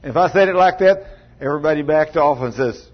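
A husky-voiced man preaches in a folksy, chuckling way, pitched a little high for a man. He calls out to members of his congregation by name as he talks. The recording is dull and lo-fi, like an old church tape. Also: brisk. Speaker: pastor. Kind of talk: folksy sermon.

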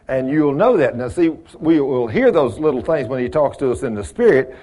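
With a medium-pitched, dark-toned voice and lively intonation, this man teaches a Bible study fairly quickly and with few pauses. He's folksy, quizzes the group, and acts out bits of dialogue.

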